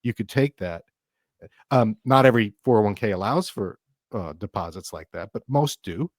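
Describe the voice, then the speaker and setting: A middle-aged man with a fairly low voice hosts a financial radio talk show. He explains things casually, restarts his sentences and throws in emphatic asides. The sound is close and dry. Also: animated, normal speed, no echo. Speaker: financial advisor and podcast host.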